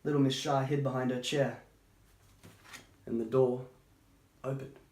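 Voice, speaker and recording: A man reading a children's picture book aloud, breaking off for chatty, gentle asides. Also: medium pitch, steady tone, a little slow. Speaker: storytime reader. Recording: roomy echo.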